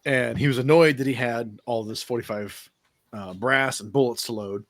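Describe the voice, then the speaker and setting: A man's voice: mid-range voice, moderate pace, no room sound, clean studio sound. A man hosting a podcast, telling a long rambling story in casual chat, laughing easily and swearing now and then. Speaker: podcast host.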